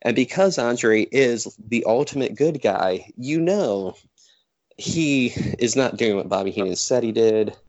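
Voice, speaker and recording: A podcast host retelling a story casually and animatedly, full of likes, on a close mic. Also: male voice, medium pitch, expressive, a little slow, darkish tone, no room sound, dull audio.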